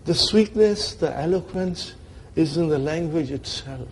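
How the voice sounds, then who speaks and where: Gravelly, slow-talking male teacher. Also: a little high, a little hiss or hum. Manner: checks in with the class often, acts out grammar as characters. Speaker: Arabic grammar teacher. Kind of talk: classroom lesson.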